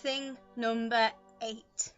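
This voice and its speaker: A woman's voice: fairly high pitch, little pitch movement, extremely slow, lo-fi sound. A woman talking casually to the camera at home, rambling chattily with self-deprecating asides. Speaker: vlogger. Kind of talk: casual rambling vlog monologue. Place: at home with a pet on her lap. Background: quiet choir music.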